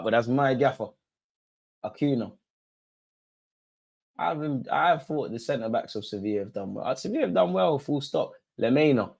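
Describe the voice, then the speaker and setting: A young man hosting a football watch-along, reacting live to the match in a slangy, excitable way and pleading with the players. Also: medium pitch, moderate pace, vocal fry, long pauses. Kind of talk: live reactive commentary to viewers.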